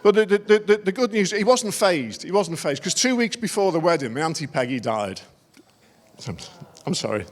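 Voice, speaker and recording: A middle-aged male comedian with a rather high voice tells self-deprecating after-dinner stories. His voice rings around a large conference dinner hall with a long reverb. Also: big pitch swings, moderate pace. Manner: wry, self-deprecating storytelling. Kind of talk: stand-up comedy routine.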